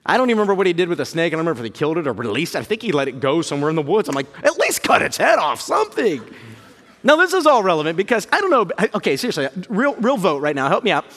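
A high, lively male pastor tells a story from the pulpit with a bright, ringing tone. His voice leaps and dips as he mocks himself, and the church hall gives it a long reverb tail. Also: rapid-fire, few pauses. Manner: animated, self-mocking, jumps to high yelps when acting out fear. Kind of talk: storytelling sermon. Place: church auditorium.

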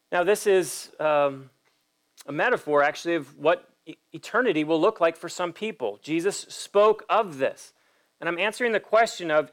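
High-voiced man preaching a sermon. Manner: emphatic, direct questions to the congregation; acts out quoted voices in a story. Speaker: pastor.

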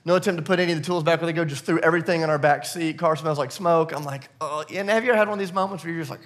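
A man's voice: on the high side, rapid-fire. A man preaching a sermon, telling a personal story in a conversational, self-deprecating way before moving into scripture. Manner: conversational, self-deprecating, animated retelling with laughs. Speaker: pastor.

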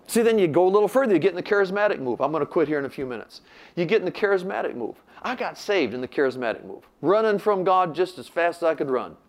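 A man's voice: on the high side, very animated, fast. An older man preaching, telling a story animatedly and acting out the voices he quotes. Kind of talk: sermon storytelling.

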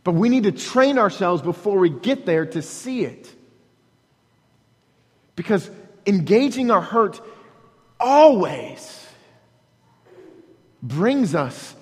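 A man preaching a sermon as a pastor, earnest and halting, often repeating words as he restarts, breaking into dramatic quoted prayers. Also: high-pitched, slightly rough, big-room sound.

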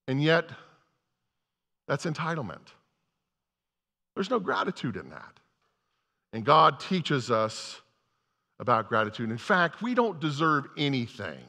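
A man's voice: fairly high pitch, big pitch swings, moderate pace, bright, forceful tone. A male pastor giving a conversational sermon, often repeating words and restarting sentences as he talks. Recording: long hall reverb.

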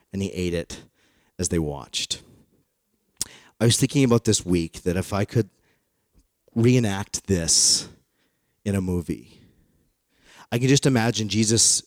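A man's voice: lowish voice, a little mellow, dry recording, studio quality. Playful man preaching a casual sermon. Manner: playful, jokey storytelling with acted-out quotes. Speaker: pastor.

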